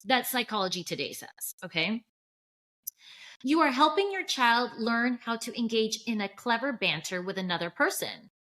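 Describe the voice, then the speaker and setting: A woman co-hosting a parenting podcast, reading points aloud in a measured way and asking her co-host for his thoughts. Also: a little high, animated, sharp tone. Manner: measured, reads points then asks for reactions.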